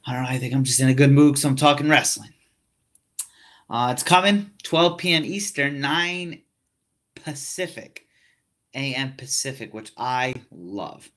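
A man's voice: medium pitch, animated, unhurried, a bit bright. Laid-back rambling young man. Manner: rambling, lots of "you know" fillers; laid-back, self-mocking. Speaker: podcast host. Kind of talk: casual wrestling chat.

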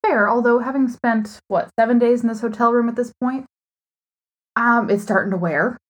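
A woman co-hosting a relaxed podcast, her voice breathy and a little husky. She talks with a dry, sarcastic wit from a hotel room. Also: a little high, normal speed. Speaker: podcast co-host. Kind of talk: casual podcast chat.

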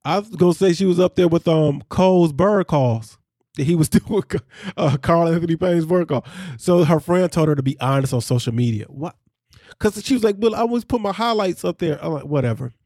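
A man co-hosting a podcast in casual chat, animated and jokey. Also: fairly high pitch, no room sound, studio quality. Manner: animated, jokey, quick asides. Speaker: podcast co-host.

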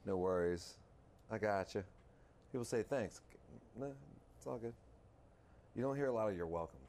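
Low-voiced man telling a story. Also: moderate pace, slight background noise. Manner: animated storyteller, swears, mimics others in a high voice. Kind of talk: casual chat.

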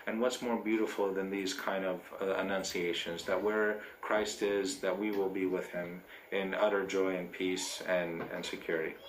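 A man's voice: sits low, little pitch movement, moderate pace, few pauses, roomy sound, slight background noise, rough recording. A man, a priest, preaching a sermon in a church, speaking unscripted with fillers and restarts.

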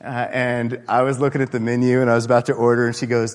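A man from Texas, a minister, preaching a sermon in an animated, conversational way and telling personal stories. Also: medium pitch, rapid-fire, long reverb tail. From Austin, Texas.

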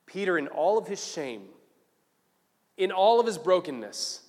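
A man preaching a sermon as casual storytelling in slang, often rising to loud emphasis. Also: sits high, very animated, unhurried. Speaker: pastor. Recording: long reverb of a large hall.

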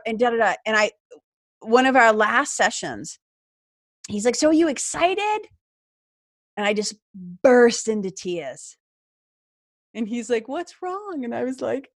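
A middle-aged woman talks with a bright, somewhat high voice, acting out her own past thoughts and laughing as she tells a story. Her voice sits close and dry, with no room sound around it. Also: dry recording. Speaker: guest. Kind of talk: podcast interview storytelling.

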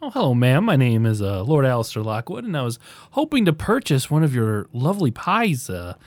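A man's voice: mid-range voice, huge pitch swings, brisk, no echo. A man playing his character in a tabletop game, polite and curious in his questions. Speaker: player.

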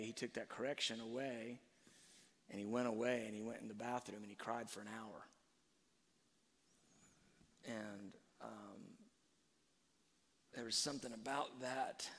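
Middle-aged man, earnest, soft-spoken, husky voice, long hall reverb. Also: medium pitch. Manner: soft-spoken, earnest, often trailing off quietly. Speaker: speaker sharing a parenting story. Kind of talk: reflective personal storytelling talk.

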